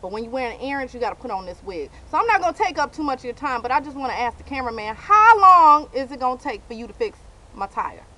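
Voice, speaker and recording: A young woman vlogging outdoors on a handheld camera, ranting with loud outbursts and dramatic repetition. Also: sits high, very animated, fast talker, few pauses, low-quality recording. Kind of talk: animated comic vlog rant. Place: outdoors by a car.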